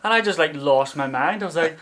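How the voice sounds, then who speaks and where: A man in his thirties, co-hosting a podcast and telling animated stories with frequent laughter. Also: a little high, quick pace. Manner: animated storyteller who laughs often. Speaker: podcast co-host. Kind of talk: casual chat.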